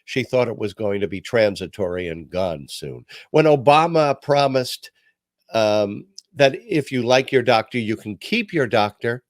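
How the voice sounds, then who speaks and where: An older New York man hosts a casual talk podcast, telling stories in an animated, self-deprecating way with lively, swooping pitch. He's unhurried, and the sound is close and dry with no echo or room around it.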